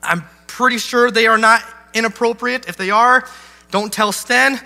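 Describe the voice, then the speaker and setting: Bright-voiced man preaching in a hall. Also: very high voice, measured pace, gravelly. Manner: storytelling, self-deprecating, animated. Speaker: pastor. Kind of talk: sermon illustration with humor. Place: large church hall. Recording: hall reverb with faint music.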